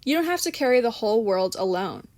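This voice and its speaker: A woman's voice: fairly high pitch, sing-song, fast talker, darkish tone, no echo. A woman voicing a bossy, theatrical woman who runs the group game. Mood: commanding. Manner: theatrical, commanding. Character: bossy, warm ringleader woman.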